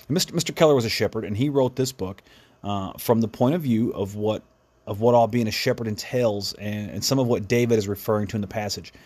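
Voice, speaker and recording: A man's voice: fairly low pitch, a little mellow, husky. A man hosting a devotional podcast, speaking in an earnest, reflective way with frequent restarts. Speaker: podcast host.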